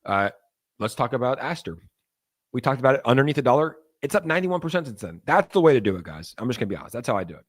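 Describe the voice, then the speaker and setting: A man's voice: medium pitch, animated, rapid-fire, hardly any pauses, breathy edge. A young man hosting a casual crypto livestream, talking in a hyped, joking and profane way. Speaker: crypto streamer.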